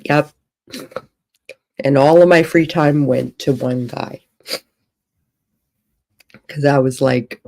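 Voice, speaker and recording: Slow, mellow woman rambling casually. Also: rumbling low, steady tone. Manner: rambling, thinking aloud. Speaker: author and streamer. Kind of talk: casual livestream chat. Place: hotel room.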